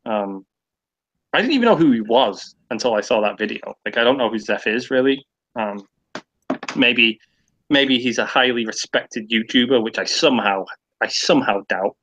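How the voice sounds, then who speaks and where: A man's voice: mid-range voice, expressive, moderate pace, a bit bright, highs cut off. A man on a casual online stream, ranting at length with lots of swearing and filler words. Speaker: guest on a stream. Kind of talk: casual chat.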